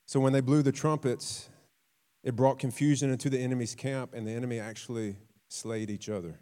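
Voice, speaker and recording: Animated preacher man, conversational sermon. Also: mid-range voice, a little fast, clear, resonant tone. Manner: animated storytelling with acted quotes and sudden drops to a quiet voice; repeats and restarts words, conversational.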